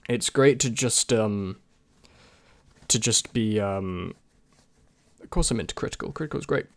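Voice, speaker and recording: A man's voice: fairly low pitch, a little slow, no echo. A young man and YouTube creator in casual chat, answering viewer questions in a rambling, hesitant way with many restarts.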